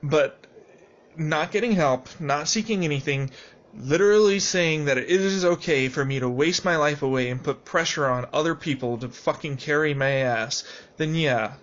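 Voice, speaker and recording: A man's voice: on the high side, normal speed. A man recording a video journal, lecturing bluntly and with plenty of profanity. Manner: calmer, quieter, still blunt. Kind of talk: angry video journal rant. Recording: dull lo-fi sound with faint noise.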